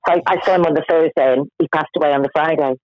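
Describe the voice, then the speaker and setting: A woman speaking as a podcast guest over the phone, recounting her grief frankly and emotionally, often halting mid-sentence. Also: sits low, steady tone, darkish tone, no room sound. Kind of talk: candid personal conversation. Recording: tinny dry phone line.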